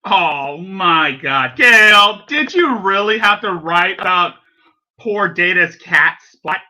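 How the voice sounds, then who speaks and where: A man's voice: high-pitched, animated, slow, bright, forceful tone. A man hosting a reaction video, rambling in casual commentary and often breaking off mid-sentence with exclamations.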